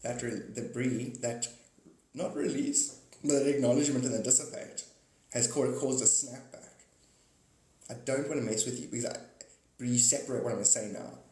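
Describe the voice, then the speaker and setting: On his live stream, a man with a warm, medium-pitched voice speaks at normal speed, musing about spiritual topics with playful wordplay. He chuckles frequently and talks straight to viewers by name, and the sound carries a roomy echo.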